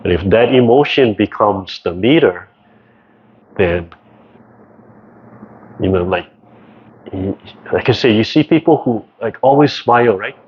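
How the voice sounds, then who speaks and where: A man's voice: on the low side, lively intonation, a little slow, pauses often, husky. A man teaching a tai chi class over a video call in a casual way, ending nearly every phrase with "right?". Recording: dull lo-fi video call audio.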